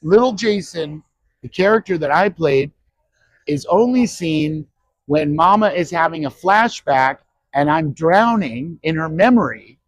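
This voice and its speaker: A man around sixty telling stories from his acting past in an interview, animated and quick to act out what others said. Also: fairly high pitch, dry recording. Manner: animated, acts out quoted voices, frequent restarts. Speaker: actor guest at a horror convention. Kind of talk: anecdotal interview storytelling. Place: convention interview.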